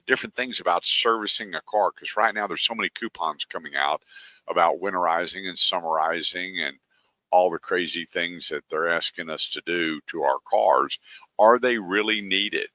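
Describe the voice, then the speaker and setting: A man's voice: low voice, sharp tone, no echo. A man hosting a radio show, talking casually and acting out callers' lines as he tells folksy stories. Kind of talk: casual radio talk with ad reads. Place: radio studio.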